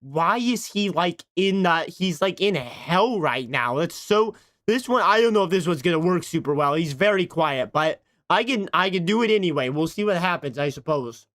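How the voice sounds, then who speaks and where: A man's voice: fairly high pitch, animated, normal speed, hardly any pauses, a bit bright. A man streaming casually, flustered and self-mocking as he talks through his voice attempts aloud. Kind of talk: casual livestream chat.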